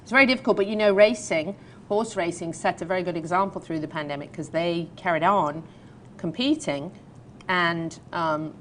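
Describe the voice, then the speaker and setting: A woman's voice: lowish voice, moderate pace, slight background noise. Chatty English woman hosting a show. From England. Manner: chatty, laughs easily, playful. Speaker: talk show host. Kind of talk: casual chat and news reading. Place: studio.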